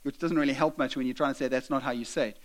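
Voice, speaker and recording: A man's voice: medium pitch, fairly even intonation, rapid-fire. A middle-aged man preaching a sermon, urging his listeners directly and slipping into conversational asides and stories.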